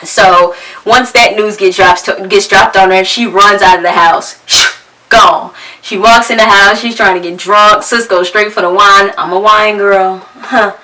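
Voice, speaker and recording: A woman's voice: mid-range voice, steady tone, measured pace, pushed and bright, distant mic, low-quality recording. A woman podcast host casually recapping a TV series, talking slangy and frank and swearing freely.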